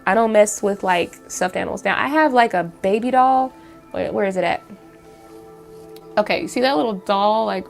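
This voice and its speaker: This channel host speaks in a creaky, mid-range voice. She's at home rambling through a story to the camera, casually, with plenty of filler words and restarts.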